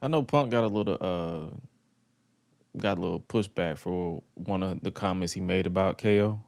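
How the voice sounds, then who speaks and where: Animated man in casual wrestling chat. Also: unhurried, creaky, dry recording. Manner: animated, laughs often, slips into high excited voice when joking. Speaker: podcast co-host.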